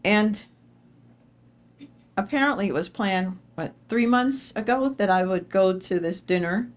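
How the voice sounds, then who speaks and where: A woman's voice: lively intonation, a little slow. Woman giving an emphatic dinner speech. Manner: emphatic storytelling with sudden pitch jumps; repeats phrases for emphasis. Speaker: award honoree giving a speech. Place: dinner event hall.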